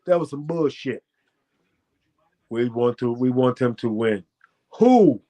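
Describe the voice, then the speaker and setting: An American man, a former fighter, telling a profane, boastful story as a guest and breaking into loud shouted quotes. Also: medium pitch, expressive, slow pace. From United States. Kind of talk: animated storytelling.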